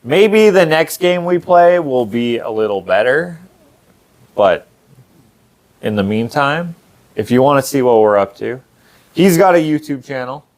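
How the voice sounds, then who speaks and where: A man's voice: mid-range voice, animated, a little slow, pauses often, a little mellow. A young man co-hosting a casual chat show, rambling along with frequent laughs. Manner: rambling, laughs often, drops into playful impressions. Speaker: podcast co-host.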